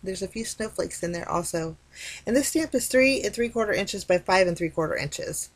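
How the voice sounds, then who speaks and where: A woman's voice: medium pitch, lively intonation, moderate pace, slightly rough. A woman hosting a crafting video, chatting enthusiastically as she walks through a card kit. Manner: chatty, enthusiastic, frequent "super pretty". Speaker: crafting channel host. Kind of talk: casual product walkthrough.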